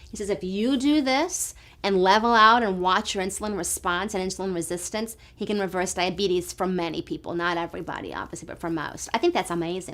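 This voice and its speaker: Brief: woman in her fifties, clinic owner, chatty enthusiastic storyteller, mid-pitched voice. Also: a bit bright. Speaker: hormone therapy clinic owner and educator. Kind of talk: direct-to-camera talk.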